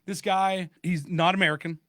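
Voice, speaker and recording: A man co-hosting a podcast, telling a funny story in a casual, animated way and laughing along as he goes. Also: high voice, moderate pace, dry recording, studio quality. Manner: animated, laughs through his own story. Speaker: podcast co-host.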